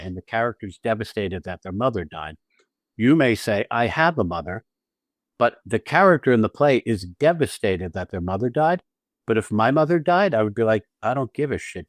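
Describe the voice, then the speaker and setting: Blunt, emphatic man with a low voice. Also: dry recording. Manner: blunt, profane, emphatic with frequent restarts. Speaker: podcast co-host and acting teacher. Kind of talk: casual explanatory chat.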